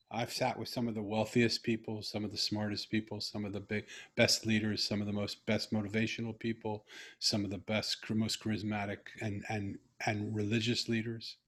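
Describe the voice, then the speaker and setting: A middle-aged man hosts an interview over a video call, his fairly low, husky voice telling a personal story in earnest. He grows animated whenever he quotes himself.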